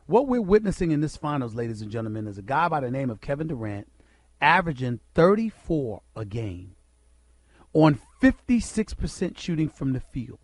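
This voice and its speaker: A man's voice: on the high side, big pitch swings, normal speed, no room sound. A middle-aged American man delivering an impassioned sports radio monologue, emphatic and preacher-like, firing rhetorical questions at listeners.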